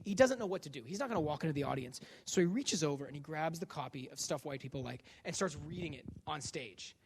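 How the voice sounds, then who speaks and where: High-voiced man telling comic stories. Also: slight background noise. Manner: animated, jokey, acts out quoted voices. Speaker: guest lecturer and author. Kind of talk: comedic lecture storytelling.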